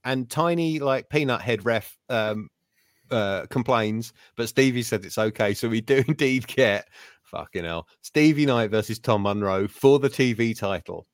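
A man's voice: mid-range voice, unhurried, no echo, studio quality. A man, co-hosting a casual podcast chat, sardonic and swearing, often mimicking people in quoted bits. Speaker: podcast co-host.

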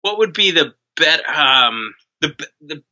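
A man's voice: fairly high pitch, animated, slow pace, sharp tone. A man from New Jersey co-hosting a comedy podcast, riffing in casual banter and restarting his sentences. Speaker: podcast co-host. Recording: dull lo-fi podcast audio.

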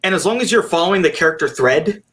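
A man co-hosting a casual movie review chat, rambling and animated, swearing now and then. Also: sits high, quick pace. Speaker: podcast co-host.

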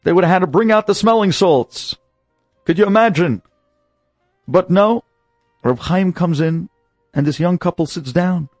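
A man telling a dramatic story in an animated, exclamatory way, sprinkling in Hebrew and Yiddish phrases. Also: sits high, unhurried, pauses often, no room sound, clean studio sound, faint music behind.

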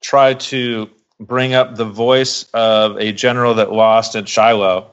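A man's voice: on the low side, flat delivery, takes it slowly, smooth, lo-fi sound. A man co-hosting a casual podcast, incredulously questioning a film's logic. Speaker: podcast co-host. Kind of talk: casual movie review chat.

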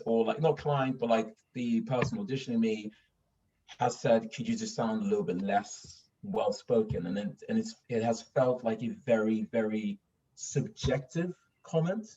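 Picked up by a dull, distant microphone with slight background noise, this young voice actor from northern England speaks in a polished English accent. His medium-pitched voice has a darkish tone as he recounts stories in a relaxed interview, stumbling over fillers and restarts.

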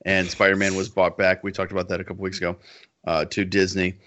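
A man co-hosting a casual podcast chat, animated and joking as he reads aloud with emphasis. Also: deep voice, quick pace. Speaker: podcast co-host. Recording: dull lo-fi sound.

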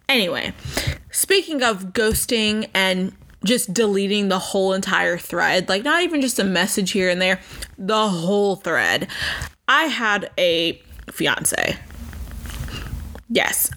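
A young woman in her twenties hosts her own podcast, rambling through stories in a chatty, jokey way and swearing freely. Her voice is bright and sharp, and her pitch swings all over the place as she talks. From United States. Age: 20s. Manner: chatty and animated, swearing and joking. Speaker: podcast host. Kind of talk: casual solo podcast chat.

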